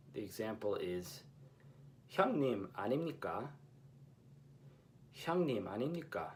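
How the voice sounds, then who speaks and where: A man teaching a language lesson, explaining pronunciation in a measured, patient way with pauses between phrases. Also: medium pitch, warm tone, slight background noise.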